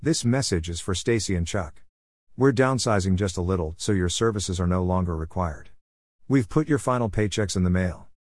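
Man reading Southern boss on voicemail: deep, smooth drawl, unhurried, dry close read. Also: darkish tone, dry recording. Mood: breezy. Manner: slow, breezy drawl. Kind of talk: audiobook character voice.

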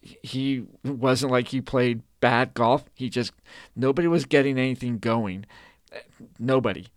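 A man's voice: medium pitch, unhurried, no room sound, studio quality. Chatty man talking golf on a podcast. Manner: animated, restarts phrases often. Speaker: podcast co-host. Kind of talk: casual golf chat.

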